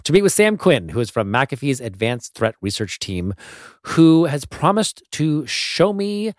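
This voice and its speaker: A man's voice: medium pitch, big pitch swings, a little slow, dry recording, studio quality. A man hosting the show, chatting casually with a joking, hesitant manner and frequent fillers. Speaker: host. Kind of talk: casual chat.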